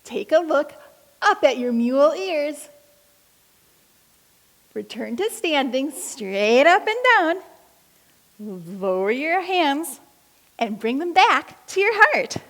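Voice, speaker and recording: A woman leading a kids' yoga class, giving slow, encouraging step-by-step instructions between story readings. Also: high-pitched, big pitch swings, fairly bright tone. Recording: long hall reverb.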